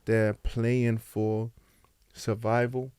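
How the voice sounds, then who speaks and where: Lively young man telling stories. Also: mid-range voice, very slow, smooth, no echo. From London, England. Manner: animated storyteller, acts out quotes, laughs often. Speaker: podcast guest, basketball player. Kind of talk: casual podcast chat. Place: podcast studio.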